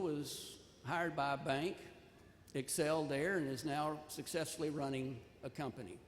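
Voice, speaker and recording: A man's voice: fairly high pitch, darkish tone, a little hiss or hum. Older man giving a speech in an echoing hall. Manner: folksy storytelling, earnest advice. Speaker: commencement speaker. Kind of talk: commencement speech with personal anecdote. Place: large ceremony hall. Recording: echoey hall, long reverb, faint ambience.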